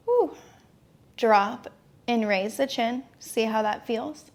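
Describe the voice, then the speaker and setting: Young woman yoga teacher, fairly high voice, calm easy cues, encouraging. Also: slow pace, gravelly. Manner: calm, encouraging step-by-step instructions. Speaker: yoga instructor. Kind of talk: guided yoga class cues.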